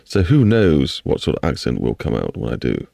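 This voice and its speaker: A man's voice: very deep voice, huge pitch swings, moderate pace, creaky, mellow, no room sound, clean studio sound. A man with an English accent chatting casually on a live stream while he builds a game map, rambling and talking to himself and to chat.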